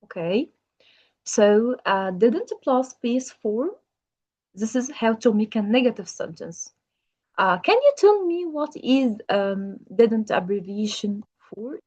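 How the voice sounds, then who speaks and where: A woman's voice: a little high, lively intonation, slow, a little mellow, dull audio. A woman teaching English grammar in a patient manner, asking the learner questions. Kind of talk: grammar lesson.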